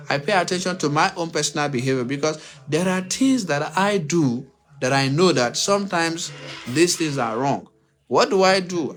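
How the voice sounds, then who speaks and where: A man with a slightly high, somewhat bright voice and some vocal fry hosts a livestream, giving relationship advice in an unscripted monologue. He's preachy and repetitive, asks himself rhetorical questions and addresses listeners directly and emphatically.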